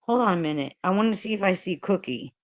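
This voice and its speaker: A woman's voice: mid-range voice, expressive, fast talker. A woman hosting a casual livestream, chatting bluntly and profanely with her viewers. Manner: blunt and profane, talking straight to the chat. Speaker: livestream host.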